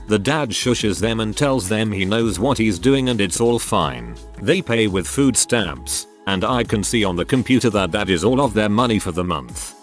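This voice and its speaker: A man reading out online stories as scripted narration, in a steady, lively storytelling manner. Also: fairly low pitch, no room sound. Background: faint background music.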